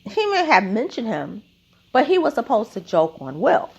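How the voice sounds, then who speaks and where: A woman's voice: a little high, huge pitch swings, normal speed, gravelly, husky, highs cut off. A woman giving an opinionated commentary monologue, emphatic and repeating her points with a questioning "okay?".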